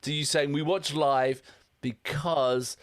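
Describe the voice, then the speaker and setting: A man with an English accent co-hosting a music reaction show, chatting and joking in a casual, animated way. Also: on the high side, slow. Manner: animated, self-deprecating, chatty. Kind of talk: casual banter.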